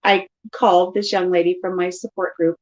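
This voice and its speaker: A woman's voice: on the low side, normal speed. Chatty middle-aged woman, dull lo-fi sound. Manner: chatty, animated storytelling. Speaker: vlogger. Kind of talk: casual live chat storytelling. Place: at home.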